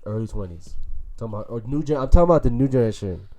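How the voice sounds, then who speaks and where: A man's voice: medium pitch, expressive, rapid-fire, dark tone. A young man co-hosting a casual podcast, laid-back and slangy, arguing his point. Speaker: podcast co-host. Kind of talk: casual chat.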